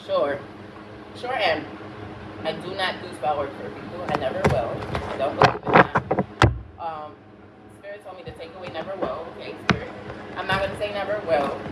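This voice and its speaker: A woman's voice: on the low side, moderate pace. A woman with a Caribbean accent, a spiritual reader chatting bluntly and preachily to her viewers, repeating herself. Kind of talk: casual spiritual chat to viewers. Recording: roomy, far from mic, loud background noise.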